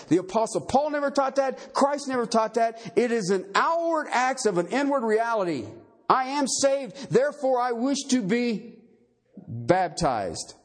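Guy preaching a sermon, super high husky voice, keeps asking the crowd questions. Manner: emphatic, asks the congregation rhetorical questions; fillers of okay and all right after points. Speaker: pastor.

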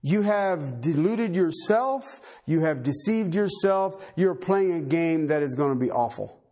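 Male pastor, sermon, lively high voice, unhurried. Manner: emphatic, swings from loud to low.

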